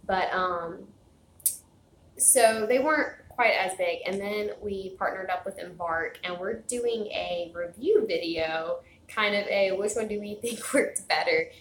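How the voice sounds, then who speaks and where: A woman's voice: medium pitch, unhurried, a bit bright, roomy sound, a little hiss or hum, low-quality recording. A woman chatting casually to her viewers at home, rambling with lots of fillers and restarts. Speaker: vlogger. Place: home, indoors. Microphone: phone camera.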